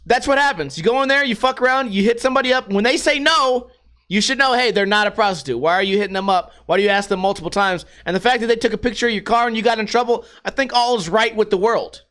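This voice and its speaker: A high, bright voice pushes out words at a fast clip as this young American man hosts his own casual podcast. Cursing constantly and cracking up, he tells stories.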